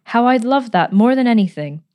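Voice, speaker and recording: A woman's voice: on the high side, lively intonation, normal speed, a little mellow, pitched above the performer's own voice, lightly acted. A woman reading a storybook, voicing an eager, timid eighteen-year-old girl who speaks earnestly and stammers a little.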